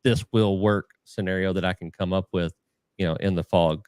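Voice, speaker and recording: A man's voice: low-pitched, fairly even intonation, moderate pace, darkish tone, smooth, no echo, clean studio sound. A man who is a fishing captain, rambling self-deprecatingly with many restarts in a casual podcast chat.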